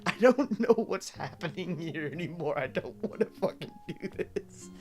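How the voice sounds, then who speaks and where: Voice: medium pitch, lively intonation, normal speed, darkish tone, soft background music. A live streamer in casual chat, ranting and teasing with exasperation and swearing.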